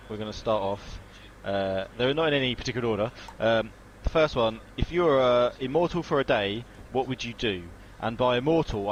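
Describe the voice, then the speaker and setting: A man's voice: on the low side, dull audio, a little hiss or hum. A young man co-hosting a casual podcast, often repeating himself as he starts sentences over. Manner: stammering restarts, fast talk. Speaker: podcast co-host.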